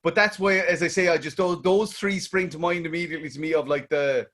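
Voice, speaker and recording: A man's voice: on the high side, steady tone, fairly quick, a bit bright. A man hosting a casual interview, reacting enthusiastically to his guest. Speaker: interview host.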